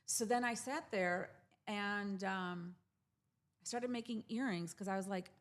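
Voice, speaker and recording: A woman's voice: medium pitch, measured pace. A woman in her forties, a jewelry brand founder, telling her story in a casual interview and acting out the voices of the people in it. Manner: animated, acts out quoted voices.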